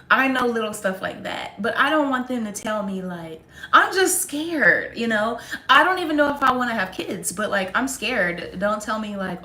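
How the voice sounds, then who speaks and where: A young woman chatting casually to viewers on a livestream, sarcastic and quick to laugh. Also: mid-range voice, pushed and bright, reverberant. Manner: sarcastic, laughs often, talks straight to viewers. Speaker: livestream host.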